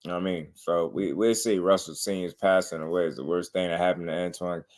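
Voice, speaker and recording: A man hosting a casual boxing talk show, commenting on clips in a relaxed, repetitive way and often asking "you know what I mean.". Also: low-pitched, fast.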